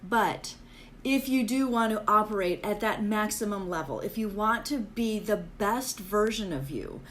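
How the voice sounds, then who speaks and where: A chatty woman riffs with her viewers in a loose, rambling Valley-girl manner, peppering her talk with "like." She sounds upbeat and pokes fun at herself, and her voice sits at an ordinary middle pitch. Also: unhurried, a bit bright, a little hiss or hum. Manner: self-deprecating, chatty and upbeat. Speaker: livestream host. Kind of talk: casual live chat with viewers.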